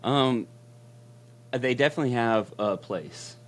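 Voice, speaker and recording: A man's voice: mid-range voice, measured pace. A man co-hosting a casual podcast, explaining things in an easygoing, plain way. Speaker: podcast co-host. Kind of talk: casual chat.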